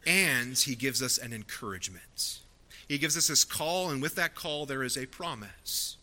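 A man's voice: mid-range voice, lively intonation, moderate pace, sharp tone. A man preaching a sermon from the pulpit, earnest and rising to emphatic peaks. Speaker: pastor.

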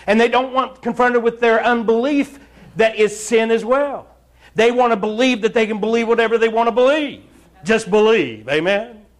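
Fiery, blunt preacher, high voice. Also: male voice, moderate pace. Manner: fiery, blunt, scolding the congregation. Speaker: pastor. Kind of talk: sermon. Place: church.

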